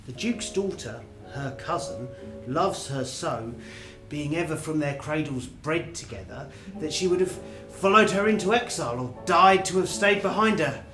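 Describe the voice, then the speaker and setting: A man's voice: a little high, expressive, moderate pace, a bit bright, roomy sound, soft background music. Man playing an earnest court wrestler. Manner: earnest, storytelling. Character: loyal wrestler bringing court news. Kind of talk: amateur stage acting.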